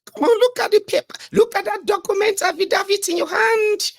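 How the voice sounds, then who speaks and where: A defensive male minister who pleads his innocence in a shrill, drawn-out squeal that sits far above a normal speaking voice. He stretches every denial out slowly, and it sounds thin and set back from the mic. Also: gravelly, a bit bright, dry recording, clean studio sound, full character voice. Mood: protesting.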